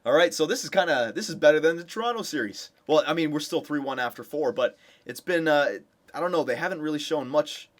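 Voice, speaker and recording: A young man giving casual commentary over a hockey video game, cheering his team on with excitement. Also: fairly high pitch, fairly quick. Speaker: gameplay commentator.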